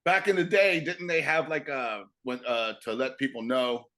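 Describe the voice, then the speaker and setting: A man co-hosting a comedy podcast, chatting casually and backing up ideas with quick agreements. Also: medium pitch, fairly even intonation, fairly bright tone. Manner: supportive, quick agreeing backchannels. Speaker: co-host.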